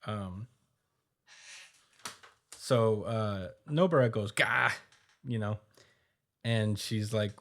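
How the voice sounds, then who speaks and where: Male podcast co-host, lowish voice, loose filler-heavy recap style. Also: fairly bright tone. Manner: loose, filler-heavy retelling with quick quoted asides and laughs. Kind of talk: casual podcast chat.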